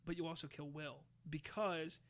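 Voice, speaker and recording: A man hosting a podcast, casually retelling a show's plot with lively, swear-laden storytelling. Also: on the high side, moderate pace. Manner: animated storyteller, swears freely, acts out quotes. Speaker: podcast host.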